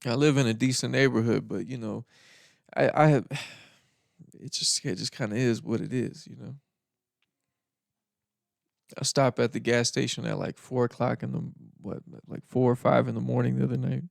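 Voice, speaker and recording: A man's voice: mid-range voice, steady tone, normal speed, gravelly, long pauses, no echo, studio quality. A man hosting a podcast, telling stories in a laid-back, rambling way, laughing often. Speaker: podcast host. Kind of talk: casual storytelling monologue.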